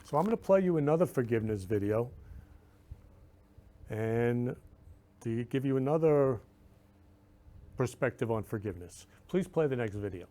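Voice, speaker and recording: A man's voice: medium pitch, animated, normal speed, pauses often, warm tone. Effusive man hosting a show. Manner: effusive and affectionate. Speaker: show host. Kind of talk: casual chat.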